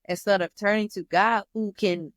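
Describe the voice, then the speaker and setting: A woman tells her own story in a candid, animated way, often turning to her listeners as "y'all". Her voice sits at a middle pitch. The recording is dry and close, with no room sound. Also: moderate pace, no echo. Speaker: host. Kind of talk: personal testimony.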